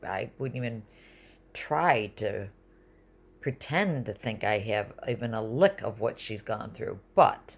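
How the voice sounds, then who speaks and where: Gravelly middle-aged woman venting. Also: rumbling low, animated, takes it slowly. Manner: rambling, confessional, drops to near-whispers. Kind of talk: casual personal vlog, venting. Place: sitting in bed at home.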